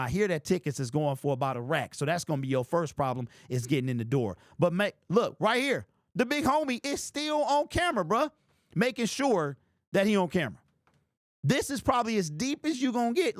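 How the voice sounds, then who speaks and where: A man's voice: high-pitched, dry recording, clean studio sound. Hyped man talking trash. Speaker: sports fan channel host. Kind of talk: casual fan commentary to camera.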